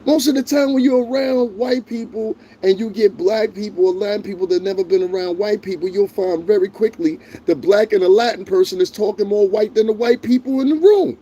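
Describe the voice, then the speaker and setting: A man's voice: high voice, fairly quick, hardly any pauses, warm tone, lo-fi sound, slight background noise. A man hosting a livestream, ranting in a heated, profane, confrontational way and talking directly to his chat viewers. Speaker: livestream host.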